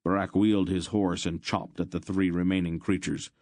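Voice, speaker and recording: Deep-voiced male audiobook narrator. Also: flat delivery, moderate pace, darkish tone, no room sound, clean studio sound.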